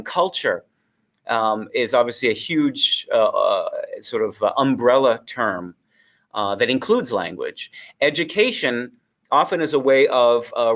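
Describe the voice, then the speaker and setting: Male lecturer from the Boston area, American English with faint Boston traces, mid-pitched, thoughtful, hesitant fillers. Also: fairly bright tone. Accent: General American, faint Boston traces. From Boston area, United States. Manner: thoughtful, many ums and uhs, slows on key terms.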